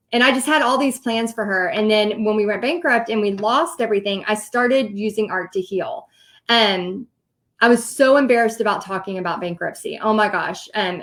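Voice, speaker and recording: A woman in her thirties telling her own story in a casual, animated way, with many fillers and restarts. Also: medium pitch. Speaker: host, paint party teacher.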